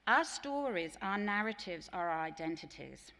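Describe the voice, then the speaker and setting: A woman's voice: mid-range voice, expressive, moderate pace, few pauses, fairly bright tone. A woman with an English accent giving a conference plenary to teachers, telling earnest stories and mimicking voices in quoted dialogue. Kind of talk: conference keynote talk with anecdotes. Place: large conference hall. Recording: long hall reverb.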